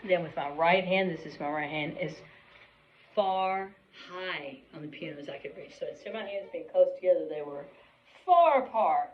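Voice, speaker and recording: A woman's voice: low voice, brisk, muffled recording, slight background noise. A woman piano teacher giving a patient, chatty recorded lesson, singing the note names along as she plays. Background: piano playing.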